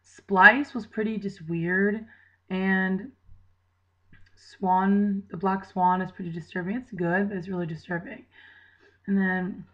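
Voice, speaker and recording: A woman's voice: mid-range voice, steady tone, takes it slowly, muffled recording. A tired young woman in casual vlog chat, rambling and chatty with lots of fillers. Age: young adult. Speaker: channel regular.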